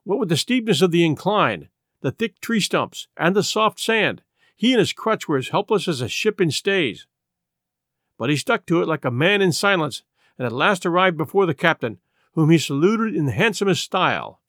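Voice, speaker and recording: A man narrating an adventure novel in expressive scripted storytelling. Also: on the high side, moderate pace, no room sound, clean studio sound. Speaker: audiobook narrator.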